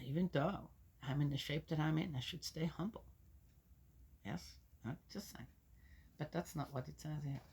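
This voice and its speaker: Woman, low-ish voice, scripture reader who argues with the text, loud readings, muttered asides. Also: normal speed, creaky, long pauses, slightly rough. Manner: interrupts herself with doubting, argumentative remarks. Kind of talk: reading aloud with skeptical asides.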